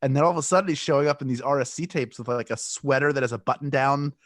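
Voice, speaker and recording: A man's voice: medium pitch, fast talker, no room sound, studio quality. Rambling, joking male podcast co-host. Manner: rambling, self-interrupting, joking. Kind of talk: casual chat.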